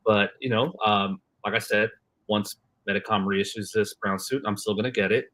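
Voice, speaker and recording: A man co-hosting a casual livestream chat, talking in a relaxed, rambling way with lots of fillers. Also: on the low side, normal speed. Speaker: co-host.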